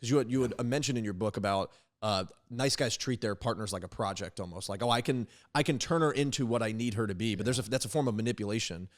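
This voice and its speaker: Low-voiced male podcast host. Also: fast, hardly any pauses. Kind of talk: interview questions.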